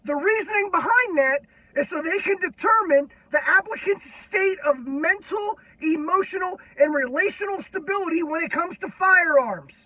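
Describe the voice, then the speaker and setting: A man, a military veteran, delivering an angry political rant on video, irate and heavily profane, often shouting. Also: very high-pitched, moderate pace, few pauses, no room sound. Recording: dull lo-fi, dry sound.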